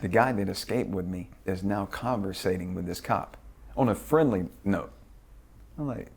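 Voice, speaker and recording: A man's voice: deep voice, moderate pace, husky. A man being interviewed as a guest, telling a story casually with lots of swearing and acted-out quotes. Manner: profane, lively storyteller who acts out quotes.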